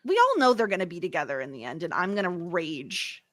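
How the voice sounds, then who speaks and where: A woman co-hosting a podcast, recapping a TV episode in casual chat, animated, laughing often and swearing freely. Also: on the low side, fairly quick, no room sound. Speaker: podcast co-host.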